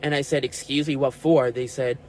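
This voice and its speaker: A man's voice: medium pitch, fairly quick, a little hiss or hum, poor audio. A man in his twenties hosting a podcast, telling a personal story and acting out quoted arguments. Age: 20s. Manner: animated retelling with quoted dialogue. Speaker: podcast host.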